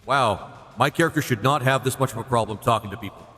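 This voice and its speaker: A man's voice: medium pitch, quick pace, a bit bright. A man streaming a video game, rambling and laughing in casual commentary. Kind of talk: casual let's-play commentary. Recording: roomy reverb with game music.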